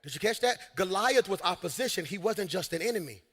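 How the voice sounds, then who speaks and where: A man preaching from a church stage, his high voice rising into shouts and laughs. The tone is bright and forceful, and it rings out with a long tail of reverb across the large hall. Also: animated, fairly quick, husky. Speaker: pastor. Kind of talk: sermon.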